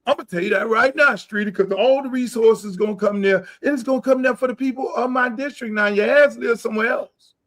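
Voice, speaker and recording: A middle-aged man hosting a podcast, ranting loudly and boastfully, with a lot of profanity. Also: extremely high pitch, brisk, hardly any pauses. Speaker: podcast host. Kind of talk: heated casual talk.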